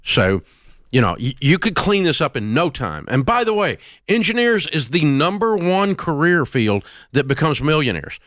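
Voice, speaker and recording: A man's voice: a little high, very animated, moderate pace, fairly bright tone, no echo, clean studio sound. A man hosting a call-in advice show, blunt and scolding but affectionate, with folksy turns of phrase. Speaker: radio talk show host. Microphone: studio microphone.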